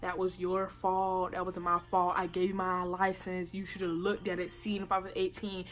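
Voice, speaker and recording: A teenage woman telling a story to her camera, animated and profane, acting out what people said. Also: on the low side, normal speed. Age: late teens. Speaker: vlogger. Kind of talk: casual storytime vlog. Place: indoor room by natural light.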